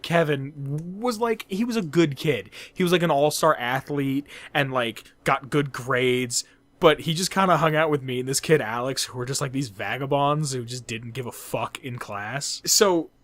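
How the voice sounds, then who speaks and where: A man's voice: fairly high pitch, fairly bright tone, no room sound. A man in his twenties, a podcast host, telling a story in casual chat, swearing and laughing as he goes.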